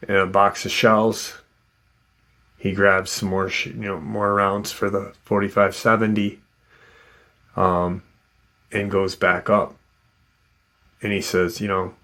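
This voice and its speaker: A man in a low register tells a story at an unhurried, slow pace. His delivery is loose and conversational, with plenty of fillers as he retells events for his channel. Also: a bit bright. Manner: loose and conversational, full of "um" and "you know". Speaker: host and storyteller. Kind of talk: casual retelling of an encounter story.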